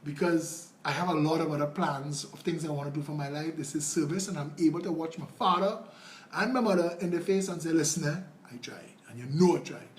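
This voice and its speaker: A Trinidadian man running for office talks briskly in a fairly high voice, replying to viewer comments on an informal livestream. His manner is earnest, meandering and conversational, captured in a roomy space with faint noise.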